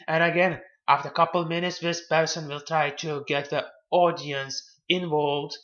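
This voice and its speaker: Male self-help presenter, slightly high voice, halting and repetitive delivery, dull lo-fi audio. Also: fairly even intonation, bright, forceful tone. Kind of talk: casual advice talk.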